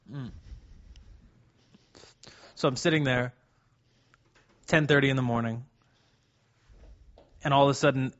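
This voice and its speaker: A man of medium pitch spins a long casual anecdote on a podcast. He stumbles, restarts and curses freely as he goes. The recording is slightly dull and lo-fi. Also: a bit bright. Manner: rambling, halting, swears freely. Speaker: podcast co-host. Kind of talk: casual storytelling.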